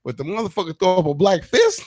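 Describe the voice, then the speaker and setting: A man's voice: sits high, sing-song, quick pace, a little mellow, no room sound, studio quality. A man hosting a radio show, ranting in a heated, profane, emphatic way in casual talk. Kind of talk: casual political rant.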